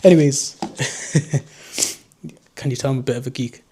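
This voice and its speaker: A young man with a Geordie accent that slides toward southern English. He talks at an ordinary middle pitch in a loose, rambling, self-mocking way, chatting to his viewers indoors. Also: steady tone, slow pace, warm tone, slight background noise. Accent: Geordie mixed with southern English. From North East England. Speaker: drone vlogger. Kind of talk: casual unscripted chat to camera.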